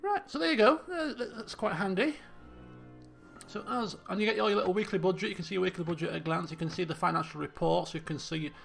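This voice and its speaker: A man's voice: high voice, fast talker, creaky, fairly bright tone, faint music behind. A man commentating a game he plays, chatty and rambling with self-mocking jokes. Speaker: gaming video host. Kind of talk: let's play commentary.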